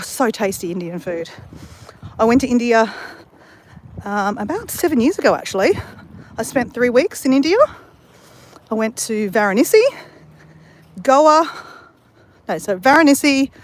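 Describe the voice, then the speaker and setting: An Australian woman chatting casually to viewers while walking on a beach, rambling and answering viewer comments. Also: fairly high pitch. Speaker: vlogger. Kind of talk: casual walking live stream chat. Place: beach, outdoors.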